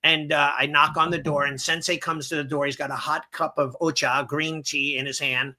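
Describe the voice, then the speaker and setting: A middle-aged man, a martial arts instructor, telling a long anecdote in a casual, animated way on a podcast. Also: on the high side, normal speed. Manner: animated storyteller who acts out quoted voices. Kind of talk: casual storytelling. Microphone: seen on video, holds up books to camera.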